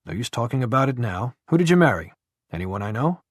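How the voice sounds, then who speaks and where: A man's voice: mid-range voice, big pitch swings, fast talker, slightly rough, dry recording, clean studio sound. A man voicing a brusque older army colonel who talks in clipped, blunt commands with a dusty, throaty voice.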